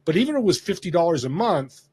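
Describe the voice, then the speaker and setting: Husky-voiced man telling a story. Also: sits high, quick pace. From Northern California. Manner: animated storyteller who acts out quoted voices. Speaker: podcast guest. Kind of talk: casual storytelling interview.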